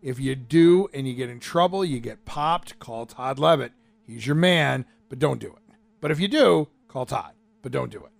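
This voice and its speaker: A man co-hosts a radio show with a gravelly, fry-laden voice. He rambles loosely and lets his sentences fade away as they end. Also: mid-range voice, lively intonation, moderate pace, no room sound. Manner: rambling, trails off softly at phrase ends. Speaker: radio co-host. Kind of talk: casual radio chat. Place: radio studio.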